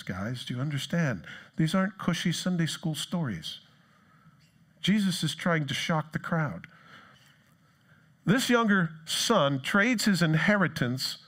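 A man preaching a sermon in a church, animated, acting out the voices of people in the story. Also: fairly high pitch. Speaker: pastor.

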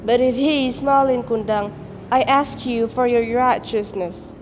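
A woman's voice: fairly high pitch, steady tone, a little slow, darkish tone, natural voice. A young woman voicing a frail, grieving old mother who pleads with her son, in a storytelling performance. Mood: praying. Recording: echoey hall, faint noise.

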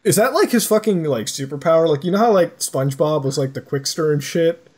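A man's voice: fairly high pitch, expressive, fairly quick, a little mellow, slightly rough. A man hosting a comedic read-aloud of fan fiction, exasperated and profane, narrating in a mock-dramatic way. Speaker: host.

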